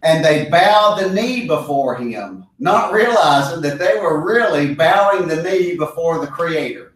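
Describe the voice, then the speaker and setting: A man's voice: a little high, expressive, unhurried. A man leading a Bible study discussion, talking earnestly and with emphasis, often repeating key phrases for stress. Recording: echoey room, mic far off.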